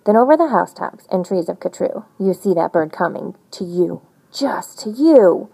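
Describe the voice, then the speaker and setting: A woman reading a rhyming picture book aloud in an animated, sing-song storytelling manner. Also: medium pitch, moderate pace, vocal fry, slightly rough, poor audio. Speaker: storybook reader.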